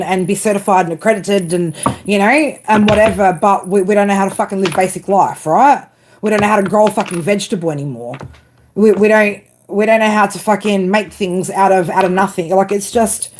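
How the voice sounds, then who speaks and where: A woman's voice: mid-range voice, noisy background. A woman doing a live tarot reading, blunt and casual, swearing often and talking straight to her viewers by name. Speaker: tarot reader.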